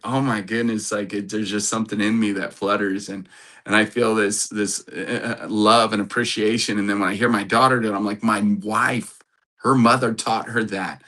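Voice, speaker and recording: Middle-aged male relationship coach, earnest and rambling, slightly low pitch, forceful bright tone. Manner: earnest, rambling, with restarts and laughs. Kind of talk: motivational talk to camera.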